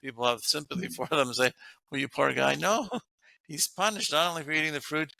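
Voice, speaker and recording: Bright, gravelly man giving earnest advice. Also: a little high, lively intonation, fairly quick, no room sound. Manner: earnest, laughs often while making points. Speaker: guest author giving relationship advice. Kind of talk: casual interview talk.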